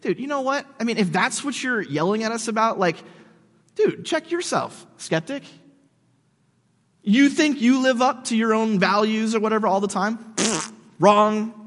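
High-voiced slangy preacher in echoing hall. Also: male voice. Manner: slangy and animated, says "dude", restarts words. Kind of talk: casual sermon addressed to skeptics. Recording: long hall reverb.

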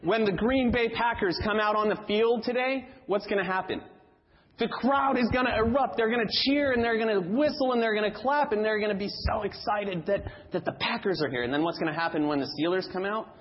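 Emphatic preacher in an echoing church. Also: male voice, high-pitched, fairly quick, dull audio. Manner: emphatic, repeats phrases for stress. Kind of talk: sermon.

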